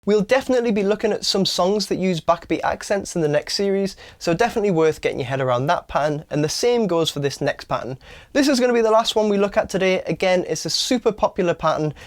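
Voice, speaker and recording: A man giving an online guitar lesson, explaining strumming step by step and counting beats aloud slowly, with a guitar played between his words. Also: high voice, animated. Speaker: guitar teacher. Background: acoustic guitar strumming.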